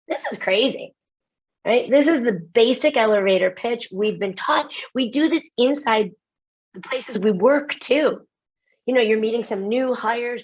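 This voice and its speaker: An animated American woman speaks as a keynote speaker in a webinar, self-mocking and quick with her asides. The audio is slightly dull and lo-fi, the kind typical of an online talk. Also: a little high. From United States.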